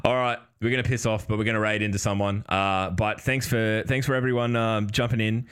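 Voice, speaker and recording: A man's voice: on the low side, steady tone, brisk, fairly bright tone, clean tone. A man hosting a casual chat show, rambling and swearing with frequent laughter. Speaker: podcast host.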